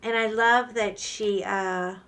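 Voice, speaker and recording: Woman, 50s, craft-channel host; candid, animated chatter while working at home. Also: medium pitch, takes it slowly. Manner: chatty and candid, animated retellings with rising emotion. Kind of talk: casual chat while crafting.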